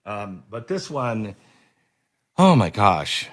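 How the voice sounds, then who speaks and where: A man's voice: fairly low pitch, sing-song, slow pace, no room sound. A man hosting a talk radio show, speaking in a rambling, conversational monologue with frequent restarts. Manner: rambling, conversational, self-interrupting.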